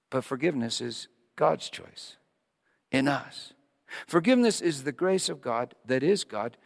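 A man's voice: slow pace, gravelly, pauses often. A man preaching a sermon, dramatic and storytelling, in a church. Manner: dramatic, rising to high excited quoted voices. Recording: long reverb of a large hall.

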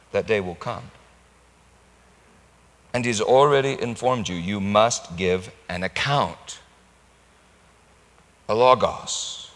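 Slow-paced male preacher in a reverberant hall. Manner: dramatic storytelling, bursts into loud high-pitched mock pleading. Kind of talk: sermon.

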